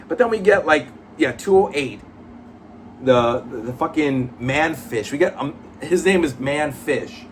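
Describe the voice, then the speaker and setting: A man's voice: mid-range voice, slight background noise. A man reviewing comic books in casual chat, blunt, profane and rambling with many fillers.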